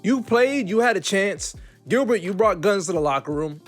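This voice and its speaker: Casual male commentator, high voice, faint music. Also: lively intonation, normal speed. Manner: casual, talks through stumbles, uses "bro" and "yo". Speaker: host, commentator.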